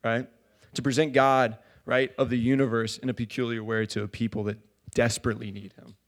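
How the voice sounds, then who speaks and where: A man preaching a sermon in a church, talking casually with many fillers and building to loud fervor. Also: medium pitch, flat delivery, brisk. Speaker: pastor.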